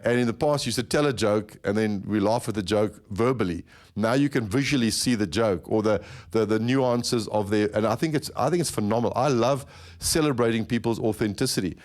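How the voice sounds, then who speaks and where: Man, podcast host, quick delivery, lowish voice, rambling, repeats himself mid-thought. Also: darkish tone. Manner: rambling, repeats words while thinking. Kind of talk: conversational interview.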